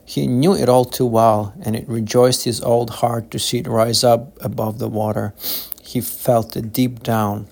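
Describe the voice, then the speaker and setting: Man, author reading his novel, slow, gravelly, measured. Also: mid-range voice, little pitch movement, darkish tone. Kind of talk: audiobook narration.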